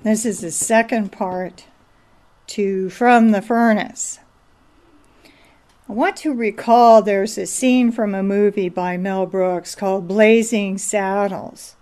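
Speaking slowly in a darkish, mid-range voice with fairly even intonation, a woman preacher gives a casual sermon. She recounts a film anecdote and exhorts those listening.

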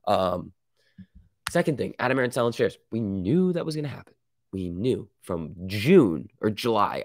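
A man's voice: sits low, gravelly, dry recording, clean studio sound. A man with a sick voice hosting a live stock market stream, reading chat and reacting in casual slang. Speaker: stock market livestream host.

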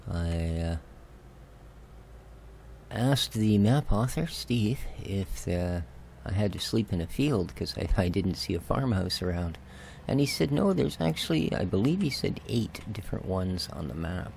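A middle-aged Canadian man with a Canadian accent, chatting casually and joking at himself as he plays a farming game, now and then dropping to soft mutters. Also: sits low, animated, unhurried, creaky, slight background noise. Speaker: gaming video host. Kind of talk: casual let's-play commentary.

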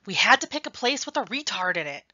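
A woman's voice: mid-range voice, very animated, fast talker, bright, forceful tone, no echo, lo-fi sound, exaggerated voice. A woman voicing a jittery young gunman. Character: younger teenage boy gunman, jittery and panicky.

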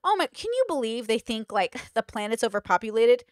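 A woman's voice: a little high, big pitch swings, brisk, no room sound, clean studio sound. A woman voicing a falsely sweet, catty woman friend who gushes while making put-downs. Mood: sugary catty. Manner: gushing, sugary put-downs.

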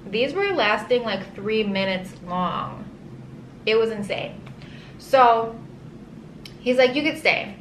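A woman casually telling her own birth story in an animated, dramatic way, leaning on "like" a lot. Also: on the high side, slow, long pauses. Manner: animated, dramatic, says "like" often. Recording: roomy echo with faint ambient hiss.

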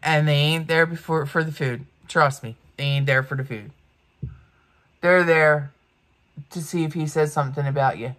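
A woman's voice: deep voice, moderate pace, a bit bright. A woman in her fifties doing get-ready-with-me commentary, blunt and ranting, swearing freely. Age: 50s. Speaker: beauty vlogger.

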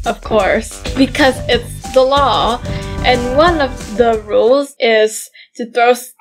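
A woman hosting her channel, narrating a play session in a chatty, giggly way. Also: fairly high pitch. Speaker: channel host. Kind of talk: playful gameplay narration. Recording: music playing behind.

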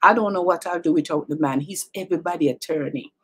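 A woman's voice: lowish voice, fast, breathy edge. A middle-aged woman with a Jamaican accent hosting a talk show, chatting and teasing in a casual monologue that mixes in patois and repeats words.

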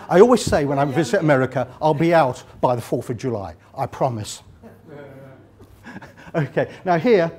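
With a mid-range voice that is a little mellow, an older English-accented man from England lectures at a conference hall using slides. His live talk is conversational and jokey, with lots of fillers.

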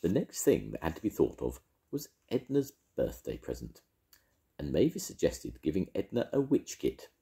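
Deep-voiced older man reading a story. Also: normal speed, vocal fry. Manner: gentle, expressive storytelling. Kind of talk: children's story read aloud.

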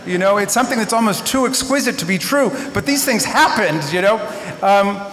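Man, 50s, eulogist with earnest, wryly humorous storytelling, high voice, podium mic in a big reverberant hall. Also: lively intonation, fairly quick, fairly bright tone. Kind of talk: memorial tribute speech. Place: large synagogue hall. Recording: echoey hall with long reverb.

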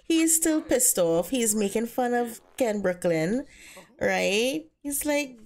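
A woman's voice: medium pitch, lively intonation, measured pace, darkish tone. A woman giving a chatty, bubbly commentary over a life-simulation game she plays. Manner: chatty, bubbly, many fillers. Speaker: let's player.

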